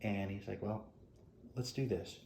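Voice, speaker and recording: Retired cop, middle-aged man, deep voice, halting and candid, recorded in a roomy space. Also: fairly even intonation, gravelly. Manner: halting, frank, drops soft quoted asides. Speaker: retired police officer. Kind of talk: interview storytelling. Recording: echoey room with faint noise.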